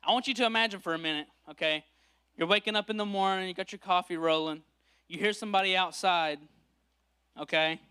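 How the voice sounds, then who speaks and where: Animated high-voiced male preacher. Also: a little fast, smooth. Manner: animated storytelling, acts out quoted voices. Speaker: pastor. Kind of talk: sermon.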